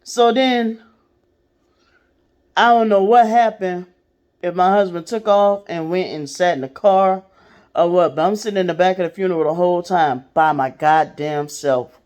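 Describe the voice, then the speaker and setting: A woman's voice: on the low side, normal speed, a little mellow. Blunt, profane woman telling a story. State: sick. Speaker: vlogger. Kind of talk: casual storytelling.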